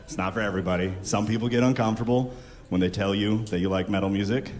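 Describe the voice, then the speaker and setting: A man performing a stand-up comedy set, animated and breaking into shouted character bits. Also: fairly low pitch, fast.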